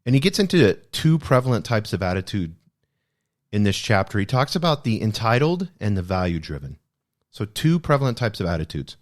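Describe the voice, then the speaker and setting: Earnest man discussing a book, low voice. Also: big pitch swings, brisk. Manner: earnest, reflective, repeats key phrases for emphasis. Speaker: podcast host.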